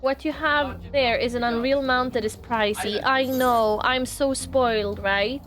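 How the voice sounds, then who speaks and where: A woman's voice: high voice, steady tone, measured pace, a bit bright. A woman streaming a game live, chatting casually, emotional and laughing, close to tears, with frequent swearing.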